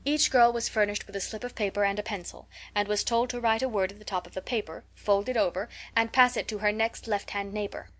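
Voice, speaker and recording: A woman narrating an audiobook of a classic storybook. Her voice sits at a middling pitch for a woman and her reading is calm and even. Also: brisk, hardly any pauses. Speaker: audiobook reader.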